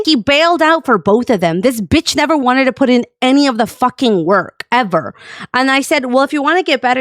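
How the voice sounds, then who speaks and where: A woman telling an animated storytime rant to her community, acting out people in mocking voices and swearing freely. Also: fairly high pitch, no room sound, studio quality. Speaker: streamer and community owner.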